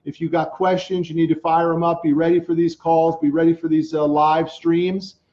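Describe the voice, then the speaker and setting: Guy coaching business folks on a live stream, kinda high voice, keeps saying dude, muffled lo-fi sound. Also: moderate pace. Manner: energetic, slangy, calls everyone dude and man.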